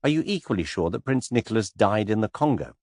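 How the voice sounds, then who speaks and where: A man voicing a cool English gentleman suspect, speaking lightly and teasingly in an unhurried way. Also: fairly low pitch, sing-song, breathy edge, no room sound, clean studio sound, exaggerated voice. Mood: amused.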